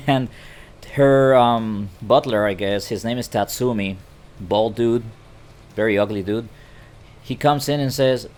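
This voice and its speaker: This man, an anime recap vlogger, speaks to a camera in an unhurried, mid-range voice with a darkish tone. He recounts an anime episode casually, chatting and stammering as he goes.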